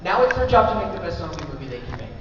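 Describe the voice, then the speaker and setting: A man telling funny stories to a convention audience in a casual, animated way, recorded from far off in a large hall. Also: a little high, racing. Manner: animated, joking storyteller. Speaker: author speaking at a convention panel. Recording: echoey hall recorded from far off, dull and noisy.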